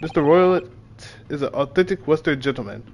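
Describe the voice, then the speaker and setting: A man voicing a gruff, suspicious male Russian senior crewman who speaks slow, broken English in a lowered voice. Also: expressive, dull audio.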